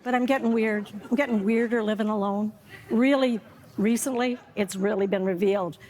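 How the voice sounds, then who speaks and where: An older woman doing a live stand-up set on stage, wry and self-mocking, slipping into quick character asides. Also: mid-range voice, fairly even intonation, darkish tone, a little hiss or hum. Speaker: stand-up comedian. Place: comedy festival stage before a live audience.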